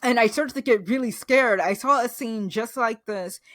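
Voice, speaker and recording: A woman's voice: a little high, normal speed, a bit bright, dry recording, clean studio sound. A woman hosting a TV recap vlog, talking in a gushing, emotional, exclamatory way. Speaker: TV recap host. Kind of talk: casual recap review.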